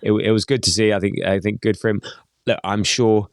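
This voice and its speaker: Halting man with a low, smooth voice. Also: fairly even intonation, no room sound, studio quality. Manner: halting, many repeated words and restarts. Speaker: podcast co-host. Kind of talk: casual football chat.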